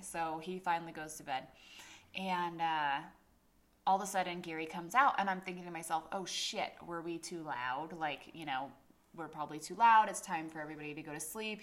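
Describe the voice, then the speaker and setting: Animated swearing woman telling a story. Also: on the low side. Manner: animated, swearing often, acts out quotes loudly. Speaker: podcast co-host. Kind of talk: casual storytelling chat.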